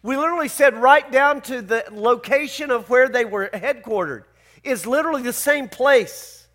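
High-voiced man preaching a sermon. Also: normal speed, fairly bright tone. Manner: conversational, emphatic preaching with rhetorical questions. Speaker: pastor.

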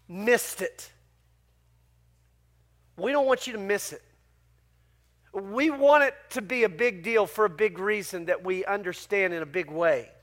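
A male pastor preaching a sermon in a conversational, animated storytelling manner. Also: very high voice.

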